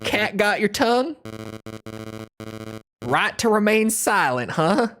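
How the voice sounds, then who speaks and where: A woman's voice: mid-range voice, big pitch swings, slow pace, fairly bright tone, soft background music, voice pushed up. A woman voicing a mocking male soldier in a put-on American Southern accent while reading game dialogue aloud. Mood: taunting.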